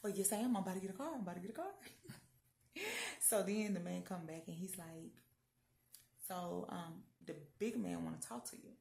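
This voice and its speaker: A young adult woman telling a faith story in a casual, animated way, jumping between loud and hushed tones. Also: lowish voice, a little fast, vocal fry, long pauses. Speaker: vlogger. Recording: echoey room.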